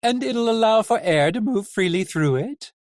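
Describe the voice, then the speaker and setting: A reader voicing a pompous, blustering male coachman who speaks loudly and self-importantly. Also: mid-range voice, animated, normal speed, no room sound, clean studio sound, voice pushed up, close to an everyday voice. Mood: indignant.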